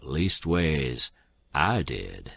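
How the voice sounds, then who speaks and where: A sly, drawling old con man, as a male reader puts him on. The voice sits very low and husky, and it turns sarcastic and pleading by turns. It is recorded close and dry. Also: big pitch swings, a little slow, dry recording, full character voice.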